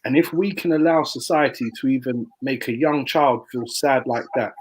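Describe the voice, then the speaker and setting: A man speaking in a measured, encouraging, reflective way while leading a casual discussion. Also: mid-range voice, slightly rough, rough recording.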